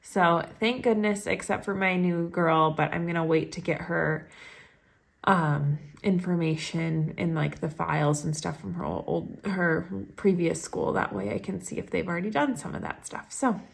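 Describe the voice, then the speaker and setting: Holding her phone up close, a young woman from Maine who teaches third grade vlogs casually from home. She speaks at a moderate pace in a lowish voice with vocal fry, gushing away with plenty of "like"s and small laughs.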